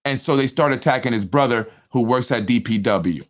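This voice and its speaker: A man delivers casual political commentary as the host of his own show. He talks in an animated, repetitive way, keeps checking in with his listeners, and slips into other people's voices when quoting them. His voice sits at an ordinary middle pitch. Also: a little fast. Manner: animated, repetitive, with frequent tag questions; acts out other people's speech in quoted voices.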